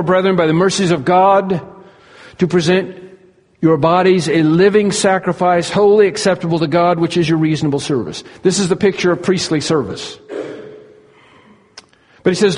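Male preacher, somewhat high voice, earnest teaching sermon, long hall reverb. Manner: earnest expository preaching, stretches key words slowly.

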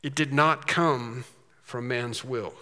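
A man preaching a sermon, slow and emphatic with quicker asides. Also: mid-range voice, bright, forceful tone, in a large hall.

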